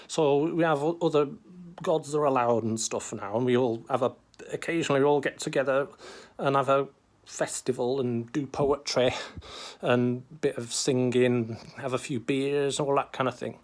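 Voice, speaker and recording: A man's voice: on the high side, lightly acted. A man putting on Jesus as a chummy northern bloke. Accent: Northern English. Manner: chummy and casual, calls people pal and lad. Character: Jesus as a chatty, laid-back northern English bloke. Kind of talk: comic improvised interview.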